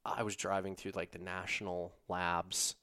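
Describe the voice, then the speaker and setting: A man telling a long story in casual conversation, animated and profane, with lots of "like". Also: low voice, moderate pace, smooth, no room sound, clean studio sound. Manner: profane, animated, uses "like" a lot. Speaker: storyteller guest.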